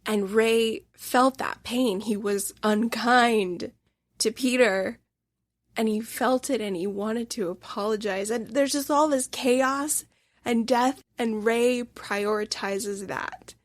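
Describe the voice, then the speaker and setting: A woman's voice: a little high, slow pace, no room sound. Emotional woman hosting a podcast review. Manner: emotional, gushing and candid. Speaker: podcast host reviewing a film; instructor. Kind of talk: casual solo podcast review.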